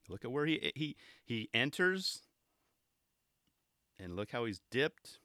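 A man hosting a show, chatting casually and excitedly as he reviews skate video clips, often restarting his sentences and laughing. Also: medium pitch, slow pace, pauses often, no room sound, studio quality.

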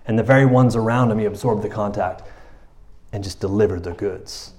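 A man preaching in a loose, conversational way, often checking in with his listeners and dropping to a quiet voice for emphasis. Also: lowish voice, fairly quick. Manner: conversational, often asks 'you know what I'm saying', drops soft for emphasis. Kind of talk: informal sermon.

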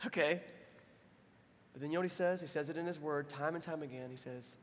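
A young adult man delivers a sermon from a church, talking in a relaxed, conversational way as he tells stories. His voice sits a bit high for a man, and a long reverb from the hall trails each phrase. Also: racing. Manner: storytelling, conversational, voices quotes with big swings. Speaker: pastor. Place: church sanctuary.

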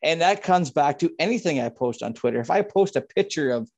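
Guest, man, Ontario farmer, casual and foul-mouthed, rants a lot; pitched a bit high, dry sound. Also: animated, a little fast, a little mellow, breathy edge, no echo. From Ontario, Canada. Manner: profane, ranting. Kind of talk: casual chat. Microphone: video call.

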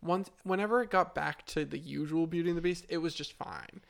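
Guy on a podcast, kinda gravelly, trashing a movie's casting, blunt and chatty. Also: on the high side, fairly quick. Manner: opinionated, blunt movie critique. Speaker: podcast co-host. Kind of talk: casual podcast chat.

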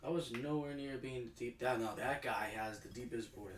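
A podcast co-host talking casually in a loose, laid-back way and laughing loudly. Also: mid-range voice, normal speed, reverberant, recorded from a distance, a little hiss or hum. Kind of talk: casual chat.

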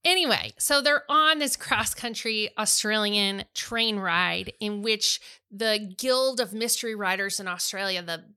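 A woman's voice: mid-range voice, a little slow, few pauses, bright, forceful tone, smooth. A middle-aged woman co-hosting a podcast, chatting enthusiastically about books. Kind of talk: casual chat about books.

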